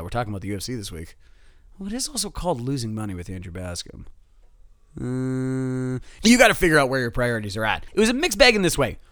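A man hosting a solo sports betting podcast, animated and sarcastic, swinging from loud outbursts to muttered asides. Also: a little high, no echo, clean studio sound.

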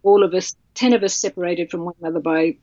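A woman author telling a personal story in an interview, halting and emotional with many restarts. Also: on the low side, fairly even intonation, warm tone, no echo. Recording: dull, dry sound.

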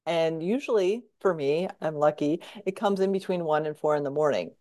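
A woman hosting a conversational podcast, her voice lower than most. She listens closely, then jumps in eagerly to share her own experiences in a casual way. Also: normal speed, warm tone. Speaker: podcast host.

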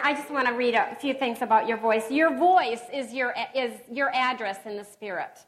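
A middle-aged woman giving an earnest sermon to a women's gathering, reading scripture aloud with pauses and restarts. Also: on the high side, rough recording.

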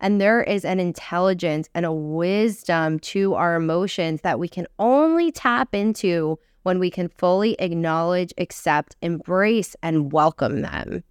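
A woman in her thirties hosting a solo self-help podcast, earnest and encouraging, slowing down to stress her points. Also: lowish voice, clean tone, no room sound, clean studio sound. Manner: earnest, encouraging, slows down for emphasis. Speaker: podcast host.

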